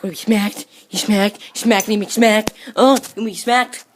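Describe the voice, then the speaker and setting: A woman's voice: mid-range voice, fairly even intonation, unhurried, very noisy. A woman talking casually to her pet dog in a home video, teasing and scolding it over and over, with playful growls. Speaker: dog owner.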